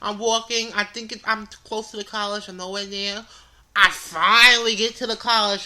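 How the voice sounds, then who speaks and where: In a mid-range voice at a moderate pace, a young woman co-hosting a podcast relates a comic tale of frustration. She's animated and exasperated, using repeated words for comic effect as she casually tells the story.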